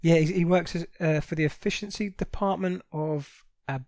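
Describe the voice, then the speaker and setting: A man's voice: a little high, fairly even intonation, moderate pace, darkish tone, no room sound. A man with a South London accent, chatting casually on a podcast and swearing freely. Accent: South London English. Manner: talkative, swears casually, many fillers. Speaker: podcast co-host. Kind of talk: casual chat.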